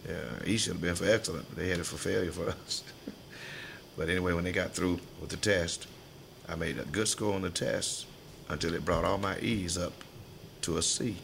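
Older man with a low gravelly voice. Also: fairly even intonation, a little fast, fairly bright tone, a little hiss or hum. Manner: folksy storyteller, laughs often, acts out voices in his stories. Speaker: interviewee. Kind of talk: oral history interview.

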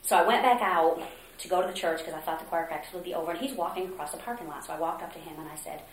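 A woman from Mexico being interviewed, earnestly recounting a story, acting out quotes with hesitant pauses. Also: lowish voice. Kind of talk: oral history interview. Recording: roomy echo, faint noise.

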